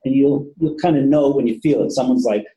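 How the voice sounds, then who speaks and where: A man's voice: medium pitch, a little fast, dark tone, roomy sound, low-quality recording. A man who works with patients, giving a casual training talk to police officers and often repeating himself. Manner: conversational, repeats words, casual swearing. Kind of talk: training lecture.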